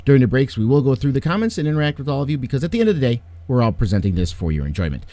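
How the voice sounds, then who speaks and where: A man hosting and running a tabletop game stream, energetic and joking, laughing often. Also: mid-range voice, racing, no echo. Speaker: game master.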